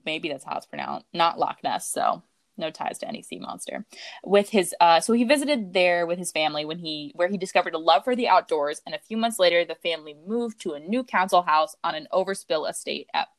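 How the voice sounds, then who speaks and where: An American woman hosting a casual podcast, chatty, with lots of fillers and quick jokes. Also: lowish voice, very animated, no echo. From United States. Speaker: podcast host. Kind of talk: casual true-crime chat.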